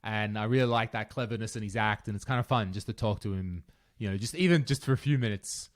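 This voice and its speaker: A man co-hosting a podcast, telling lively stories in a casual chat and swearing freely. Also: lowish voice, fast. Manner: animated storyteller, swears casually. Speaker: podcast co-host.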